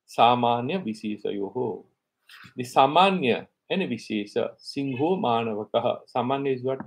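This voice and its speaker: A man's voice: medium pitch, breathy edge. Man teaching Sanskrit scripture. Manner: reads Sanskrit commentary, then explains in English; rhetorical questions and acted-out examples. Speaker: Vedanta teacher. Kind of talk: scripture class lecture.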